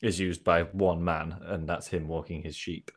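A man's voice: low-pitched, little pitch movement, moderate pace. A young man co-hosting a casual motoring podcast, teasing his co-host with dry humour. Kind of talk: casual chat.

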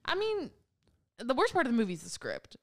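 A woman's voice: fairly high pitch, huge pitch swings, fairly quick. A young woman co-hosting a casual podcast, teasing and laughing often as she mocks a film. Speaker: podcast co-host.

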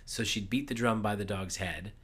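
A man in his thirties, co-hosting a casual podcast, telling stories with animated energy and frequent laughs. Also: lowish voice, normal speed, breathy edge. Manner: storytelling, animated, laughs often. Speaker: podcast co-host. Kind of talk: casual chat.

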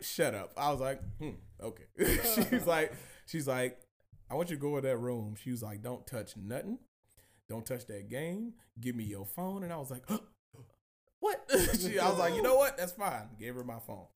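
A man hosting a podcast, telling a long story in casual, profane, animated chat with lots of laughing. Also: fairly high pitch. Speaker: podcast host.

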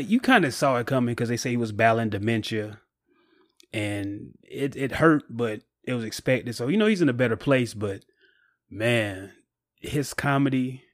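A man's voice: medium pitch, dry recording. A man hosting a podcast in blunt, heartfelt casual chat. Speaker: podcast host.

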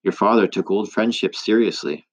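A man voicing a calm wise old woman. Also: fairly low pitch, lightly acted. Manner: calm, measured explaining.

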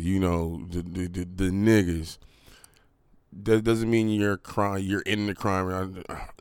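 A man's voice: low voice, clean tone, dry recording. A young man hosting a podcast, talking in a rambling, profane, casual way with lots of fillers and restarts. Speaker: podcast host.

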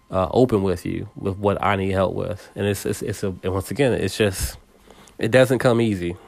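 A man's voice: low voice, gravelly, dry recording. A man giving a reflective motivational monologue, speaking straight to the listener with frequent repetitions and stammered restarts.

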